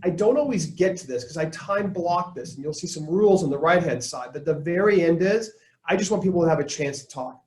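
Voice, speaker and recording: A man presenting a live leadership webinar, coaching his audience in an energetic tone and acting out the lines he quotes. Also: fairly high pitch, brisk, roomy sound, low-quality recording. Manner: energetic, coaching tone, quotes people in put-on voices.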